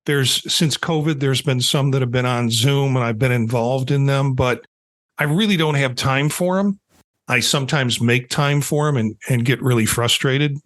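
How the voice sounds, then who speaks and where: A middle-aged man co-hosting a podcast, talking in a hesitant, measured way with many restarts. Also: medium pitch, fairly bright tone. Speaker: podcast co-host. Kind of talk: casual chat.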